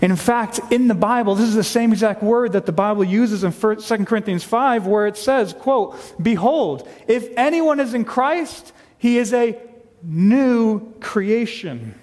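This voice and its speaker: A man's voice: high-pitched, lively intonation, measured pace, a little mellow, long reverb tail. A man preaching a sermon to his church, reading scripture aloud with earnest emphasis. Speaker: pastor. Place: church sanctuary.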